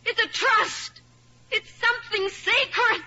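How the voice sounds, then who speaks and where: A woman's voice: very high-pitched, slow, sharp tone, heavily acted. A woman playing a devoted, possessive woman in a 1950s radio drama, talking in a pleading, insistent way. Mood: impassioned. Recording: lo-fi old radio recording.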